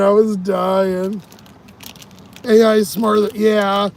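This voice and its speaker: A man's voice: sits high, fairly even intonation, moderate pace, a little hiss or hum. A tired man vlogging in a casual, rambling way, swearing often and laughing at his own stories. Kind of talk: casual rambling vlog talk.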